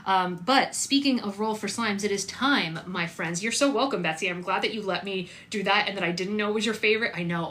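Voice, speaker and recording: A woman's voice: medium pitch, fairly quick, few pauses, a bit bright, slight background noise. Chatty woman crafting on a live stream. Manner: chatty, upbeat, talks to viewers while working. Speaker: slime maker hosting a live stream. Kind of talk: casual live-stream chat.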